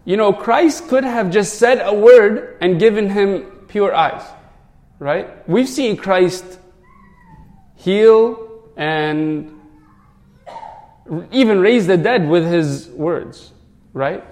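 A man's voice: high-pitched, very slow, long pauses, a little mellow, long reverb tail. A man, a priest, giving an earnest sermon full of rhetorical questions.

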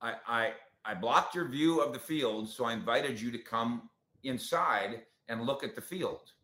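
A man's voice: medium pitch, a little slow, roomy sound. A man hosting a casual sports talk show, ranting with strong opinions. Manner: opinionated, animated rants.

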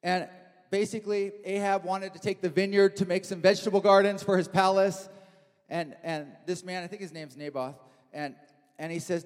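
A man's voice: high voice, steady tone, normal speed. A man preaching a sermon in a church hall, telling the story with animation and acting out the quotes.

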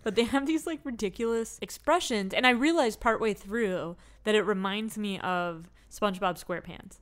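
A woman's voice: medium pitch, normal speed. A woman co-hosting a podcast in casual chat, talking loosely with many fillers and laughs. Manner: chatty, lots of likes and laughs. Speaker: podcast co-host.

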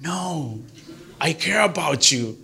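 A middle-aged man who is a deacon, giving an earnest, animated church talk to a group and mixing English with Spanish. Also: fairly high pitch, takes it slowly, vocal fry.

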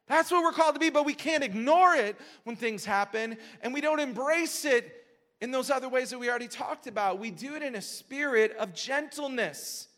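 A man with a high, bright speaking voice delivers a sermon to his congregation. He shifts from hushed, gentle teaching to loud, passionate calls. His voice rings with a long reverb from the church hall. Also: moderate pace. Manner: swings from quiet intimate teaching to loud passionate exhortation. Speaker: pastor. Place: church sanctuary.

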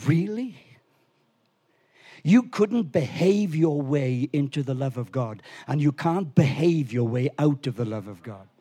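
A man preaching a lively sermon in a church, animated and swinging from quiet asides to shouts. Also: fairly high pitch, breathy edge. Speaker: pastor.

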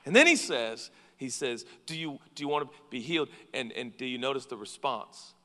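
A man preaching a sermon, animated, dropping to quiet asides and rising to loud acted-out quotes. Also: mid-range voice, normal speed. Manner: animated, acts out quoted voices, swings from soft to loud. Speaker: pastor. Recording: long reverb from a large hall.

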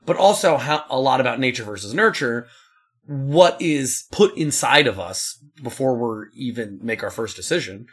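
A man co-hosts a casual podcast chat with a husky, slightly raspy voice. His pitch moves around a lot as he rambles loosely and cracks jokes. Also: lively intonation, normal speed, a bit bright. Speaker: podcast co-host.

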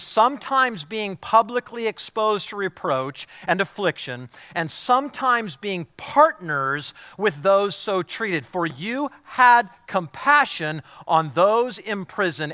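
A man preaching a sermon as pastor, passionate and repeating words, swinging between loud emphasis and hushed, quiet lines. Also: sits high, no room sound.

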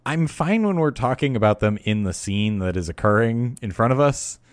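A man co-hosting a casual podcast, trading deadpan jokes and quick one-line quips, often restarting his sentences. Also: mid-range voice, dry recording. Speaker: podcast co-host. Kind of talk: casual chat.

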